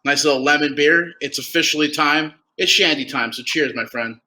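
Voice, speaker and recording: A man's voice: fairly high pitch, normal speed, sharp tone, poor audio. A man from New Jersey with a New Jersey accent, chatting upbeat and self-deprecating as an interview guest. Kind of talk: casual interview chat.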